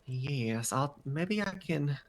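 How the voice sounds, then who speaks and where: A woman's voice: sits low, animated, slow. A woman speaking in character in a roleplay game, genteel and refined, calling others darling.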